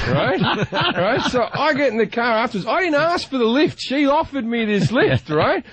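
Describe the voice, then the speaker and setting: A man's voice: extremely high pitch, sing-song, normal speed, fairly bright tone, slightly rough. A man with an Australian accent, a guest comedian telling brash anecdotes in a radio studio and laughing through his own punchlines. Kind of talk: comic storytelling on radio.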